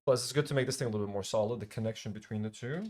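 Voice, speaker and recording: A man's voice: fairly low pitch, rapid-fire, a little mellow. A man streaming a LEGO build, chatting casually, muttering piece counts to himself and swearing now and then. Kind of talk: casual live-stream chat.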